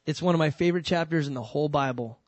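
A male pastor preaching a sermon in an animated, conversational way, jumping between loud emphasis and soft asides, with humorous asides. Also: fairly high pitch, rapid-fire, dry recording, highs cut off.

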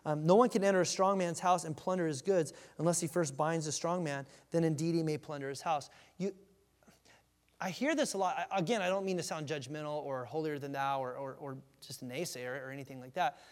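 A man's voice: on the high side, fairly quick, big-room sound. A man preaching a sermon in a church, teaching verse by verse in a frank, conversational way with asides to the congregation. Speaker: pastor.

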